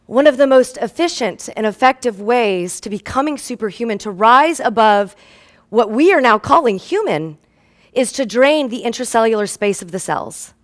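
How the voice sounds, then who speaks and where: A woman's voice: a little high, lively intonation, moderate pace. A woman health practitioner giving an inspirational stage talk. She speaks earnestly and with emotion, tells stories about her patients with acted-out dialogue, and builds up to rallying calls to her listeners.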